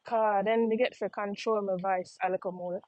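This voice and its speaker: Her mid-range voice stays steady and darkish at a normal speed as this young American vlogger, using a Jamaican patois accent, chats to viewers on an outdoor walk and keeps repeating phrases. The recording is dry, with slightly dull lo-fi audio.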